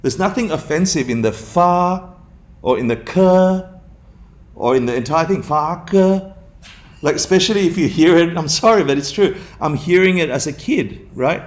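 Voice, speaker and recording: A man from Argentina giving a dharma talk, telling a story in an animated, jokey way and laughing often. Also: a little high, moderate pace. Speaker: dharma teacher.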